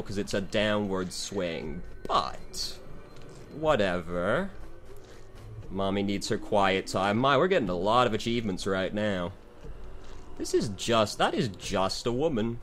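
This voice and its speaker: A man's voice: medium pitch, big pitch swings, slow, a bit bright, faint music behind. A man giving dry, sarcastic commentary over a game he dislikes, swearing freely. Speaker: game reviewer.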